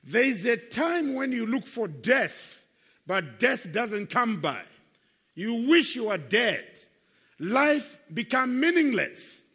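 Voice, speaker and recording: A man's voice: very high-pitched, very animated, takes it slowly, pushed and bright, husky. Earnest older man preaching in an echoey hall. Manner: earnest, emphatic, repeats key phrases. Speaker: Christian speaker giving his life testimony. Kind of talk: testimony sermon to young people.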